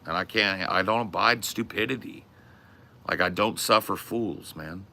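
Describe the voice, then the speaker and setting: A man's voice: sits low, a little slow, pushed and bright. Brash, trash-talking male streamer. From US West Coast. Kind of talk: casual livestream rant.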